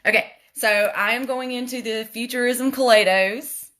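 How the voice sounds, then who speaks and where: A woman's voice: fairly high pitch, normal speed, a bit bright. A woman chatting casually through a makeup tutorial livestream at home, talking straight to viewers as y'all and going off on laughing tangents. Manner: talks straight to viewers, addressing them as y'all. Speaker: makeup vlogger.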